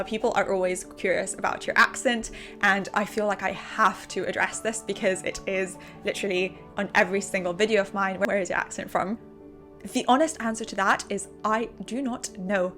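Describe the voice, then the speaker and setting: A woman's voice: mid-range voice, fairly bright tone. Woman, 25, accent blending English with an Irish-sounding lilt; earnest, apologetic vlog chat with faint music behind. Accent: mixed, English with an Irish-sounding lilt. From England. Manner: earnest, apologetic, over-explaining. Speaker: YouTuber. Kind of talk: casual chat to camera.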